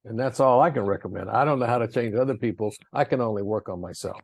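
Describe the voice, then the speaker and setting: Gravelly raspy guy, earnest rambling spiritual talk, dry close sound. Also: mid-range voice, fast, no echo. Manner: earnest, rambling, acts out quotes in raised voices. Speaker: speaker in a spiritual talk series.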